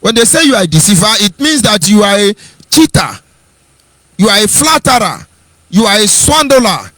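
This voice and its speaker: A man's voice: sits high, big pitch swings, moderate pace, pushed and bright, no room sound. A Nigerian man giving an impassioned political monologue, rhetorical and mocking in tone. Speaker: political commentator.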